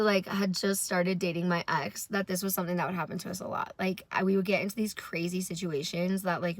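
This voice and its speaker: A woman's voice: fairly low pitch, no room sound. A young woman, tired from little sleep, telling a rambling, profane story to camera in a casual vlog. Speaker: vlogger.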